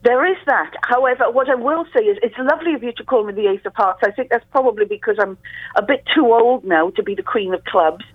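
A woman from Wales speaks with a Welsh accent in a chatty, self-deprecating way. Her voice is fairly high yet sultry and low in grain this morning. The sound is dry and thin, as if heard through a phone line. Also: quick pace, dry recording. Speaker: crime author guest. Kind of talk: casual interview chat.

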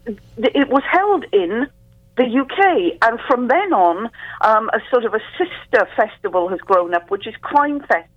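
A woman from Wales with a Welsh accent, chatting as an interview guest with a self-deprecating humour and a deep, sultry morning voice. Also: very animated, measured pace, no room sound. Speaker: crime author guest. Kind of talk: casual interview chat. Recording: phone line.

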